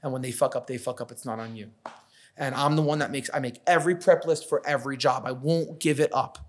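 Here a mid-range voice talks fast: a man in his thirties from New York who runs a catering business. His casual podcast storytelling is lively and profane, with quoted lines acted out.

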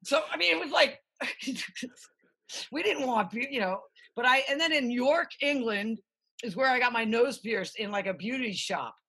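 A woman's voice: on the high side, a little slow, breathy edge. A middle-aged woman from the United States, a musician telling stories in a casual interview, rambling and swearing freely. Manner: rambling, profane, animated storytelling.

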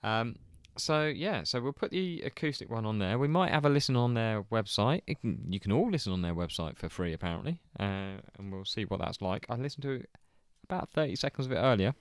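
Male podcast host, laid-back and rambling, smooth tone, dry studio sound. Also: on the low side, lively intonation, brisk, hardly any pauses, dry recording. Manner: laid-back, trailing off with fillers. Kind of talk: casual comedy chat.

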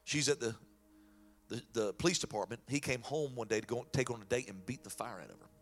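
A man's voice: mid-range voice, fast, faint music behind. A man preaching a sermon in a folksy way and then praying aloud. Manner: folksy preaching, shifts into loud prayer. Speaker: pastor.

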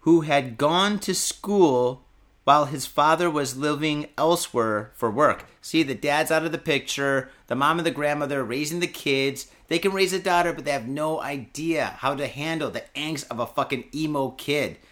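A man hosting a podcast with a voice pitched a little above the usual for men. He talks in a crude, rambling, irreverent way, swearing freely. He reads news items aloud and keeps cutting in with joking asides. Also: moderate pace, fairly bright tone. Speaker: podcast host. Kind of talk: casual profane commentary.

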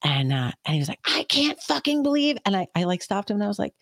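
A woman's voice: mid-range voice, fast talker, no room sound, studio quality. A woman hosting a podcast, chatting casually and swapping stories with her guest, often backing her up and swearing freely. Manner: relaxed, backchannels, swears casually. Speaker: podcast host.

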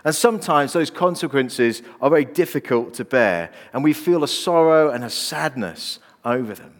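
A man's voice: medium pitch, lively intonation, normal speed. A man, preaching a sermon as a pastor and telling personal stories earnestly. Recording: long reverb of a large hall.

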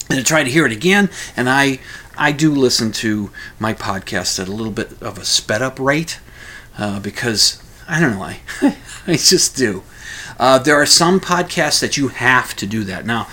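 A man hosting a podcast, delivering a casual solo monologue in a rambling, animated way with frequent restarts. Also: medium pitch.

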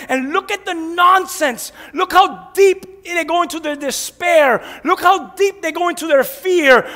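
A man preaching a fiery sermon in a church, shouting his points and then dropping low. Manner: fiery, shouting preacher with sharp jabs and drops to a hush. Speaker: pastor. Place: church sanctuary. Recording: long echo of a large hall.

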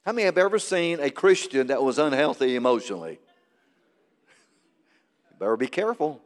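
A man preaching a sermon as pastor, swinging between loud peaks and quiet asides. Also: mid-range voice, lively intonation, fairly quick. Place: large church hall. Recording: long reverb of a big sanctuary.

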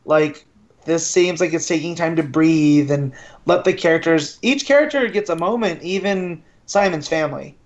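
A man's voice: fairly high pitch, muffled recording. A man co-hosting a casual comic book podcast, agreeable and chatty. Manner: agreeable, lots of quick "yeah" replies. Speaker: podcast co-host.

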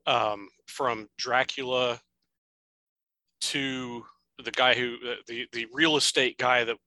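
A man co-hosts a casual podcast about films, thinking aloud as he goes. His voice is bright and forward. The sound is dry and close, with almost no room. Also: mid-range voice, steady tone, takes it slowly, no room sound, rough recording. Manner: thoughtful, rambling, with fillers and restarts. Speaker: podcast co-host. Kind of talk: casual film discussion.

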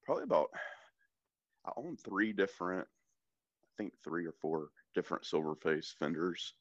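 A deep-voiced man with a Southern US accent chats easily about his gear, often restarting his sentences. His voice is low and the sound is dry and a bit dull. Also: animated, moderate pace, no echo. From American South. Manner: easygoing, rambling with frequent restarts. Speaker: podcast guest, church worship leader. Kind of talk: casual chat.

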